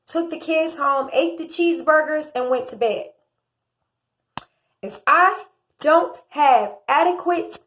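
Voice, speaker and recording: A woman's voice: sits high, a bit bright. An American woman in her thirties giving impassioned, indignant commentary, her voice rising in volume as she argues. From United States. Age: 30s. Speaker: true crime commentator. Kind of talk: opinionated commentary.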